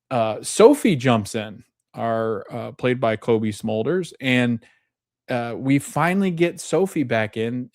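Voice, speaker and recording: A man's voice: fairly low pitch, darkish tone, no room sound, clean studio sound. Man casually recapping a TV episode. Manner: conversational, retelling scenes with loose quoted lines and restarts. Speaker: podcast host.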